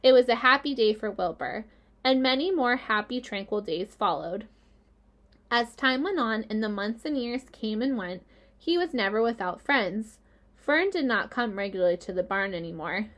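A woman reading a children's novel aloud in a gentle storytelling voice. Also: fairly high pitch, animated, moderate pace. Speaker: reader.

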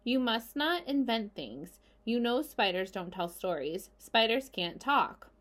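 A woman's voice: a little high, big pitch swings, a little slow, a bit bright. A woman voicing a stern, practical farm mother who reproves her daughter firmly. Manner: firm, reproving.

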